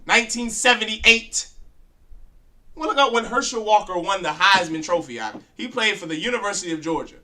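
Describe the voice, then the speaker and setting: A man's voice: sits high, expressive, brisk, bright, forceful tone. A man teaching a class in a preaching style, blunt and confrontational, firing rhetorical questions at his students. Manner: blunt, crude street talk.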